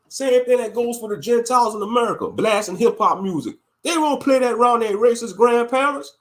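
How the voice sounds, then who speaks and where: A man's voice: extremely high pitch, lively intonation, fairly quick, fairly bright tone. A man delivering a blunt, heated commentary rant as a YouTube commentator. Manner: blunt, heated, repeats catchphrases. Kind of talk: ranting commentary.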